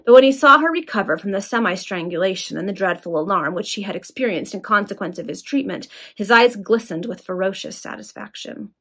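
A woman's voice: mid-range voice, lively intonation, fairly quick, few pauses, fairly bright tone, slightly rough. A woman reading a Victorian novel aloud, plainly and steadily. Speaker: reader.

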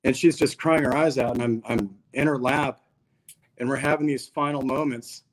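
A man's voice: medium pitch, steady tone, normal speed, poor audio. A man as a podcast guest, telling a long story in a casual, slangy, laid-back way. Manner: laid-back, slangy, peppers talk with "dude".

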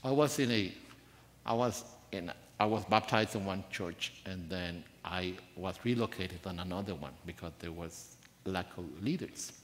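A man preaching a sermon in a church, soft-spoken and earnest, telling a personal story with rising emphasis. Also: low voice, normal speed, slight background noise. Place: church sanctuary. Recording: church hall reverb.

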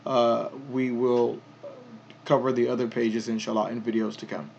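A man's voice: medium pitch, little pitch movement, creaky, a little mellow, a little hiss or hum. Patient man teaching pronunciation, lo-fi. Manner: patient, explains step by step, repeats words slowly. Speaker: Arabic teacher. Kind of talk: pronunciation lesson.

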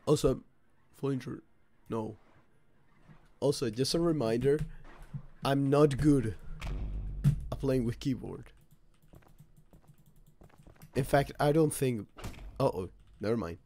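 Slow-talking swearing game streamer. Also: male voice, medium pitch, slight background noise. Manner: swears and reacts loudly while playing. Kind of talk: casual live gameplay commentary.

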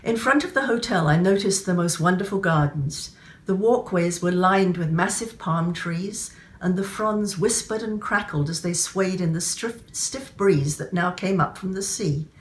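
A woman novelist reading from her own book in a gentle, measured storytelling manner, then giving writing tips. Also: fairly low pitch.

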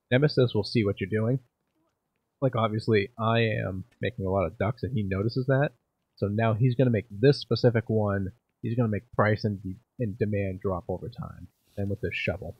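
Husky and on the low side, a man's voice comments casually during gameplay for his gaming channel, musing aloud and making self-deprecating jokes. The recording has no room sound and its highs are cut off.

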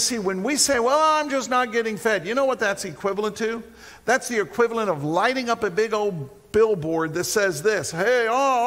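A middle-aged man preaching a sermon as a pastor, animated and acting out mock prayers. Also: high-pitched. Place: church sanctuary. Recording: live church broadcast with long reverb.

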